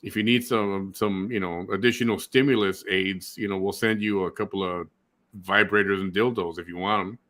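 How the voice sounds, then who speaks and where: A man's voice: sits low, fairly even intonation, normal speed, a bit bright. A man hosting a reaction video, with sarcastic, scoffing commentary. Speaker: host reacting to a clip.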